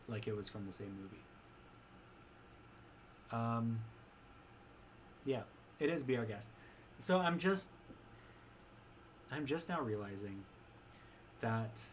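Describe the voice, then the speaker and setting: A man's voice: fairly low pitch, slight background noise. A young man chatting casually on a stream, wry and rambling with frequent restarts. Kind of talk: casual chat.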